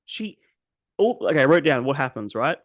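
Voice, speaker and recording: A man's voice: fairly high pitch, sing-song, normal speed, no echo. Blunt, cynical man chatting on a dry mic. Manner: blunt, cynical, swears freely. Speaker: podcast host. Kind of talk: casual movie review chat.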